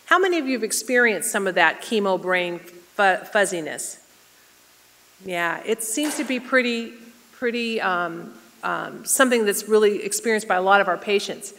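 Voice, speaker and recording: A woman's voice: medium pitch, expressive, moderate pace, fairly bright tone. Middle-aged woman nurse, conversational lecturer who quizzes the audience, recorded with hall reverb. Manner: conversational, asks the audience questions. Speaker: nurse presenter. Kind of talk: community health lecture.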